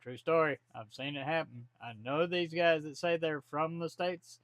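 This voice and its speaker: A man's voice: a little high, steady tone, normal speed, fairly bright tone, no room sound. A man, talking bluntly and folksily to camera from his home office. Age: 40s. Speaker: vlogger. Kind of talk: casual to-camera monologue.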